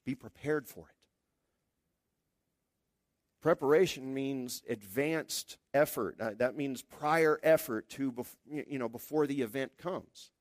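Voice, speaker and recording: A man preaching a sermon in a conversational, lively way, acting out the quotes. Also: mid-range voice, measured pace, dry recording, clean studio sound. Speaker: pastor.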